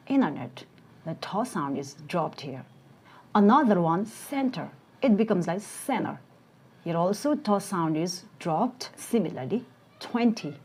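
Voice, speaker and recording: A woman with a slightly husky, lower voice narrates a scripted English lesson. Her pitch moves in lively swings as she slowly sounds out example words one by one. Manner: slow, deliberate pronunciation drills. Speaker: English teacher.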